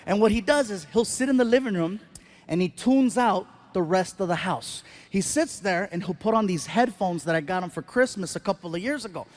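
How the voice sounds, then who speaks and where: A middle-aged man telling stand-up stories on a live stage, animated and acting out voices. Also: high-pitched, brisk. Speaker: stand-up comedian. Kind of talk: stand-up storytelling.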